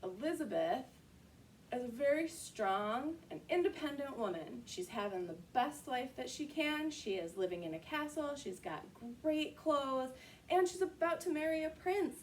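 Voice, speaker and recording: Reading a picture book to children and walking them through yoga poses, a woman tells the story expressively at a moderate pace. Her voice is high, recorded from a distance with a little hiss or hum.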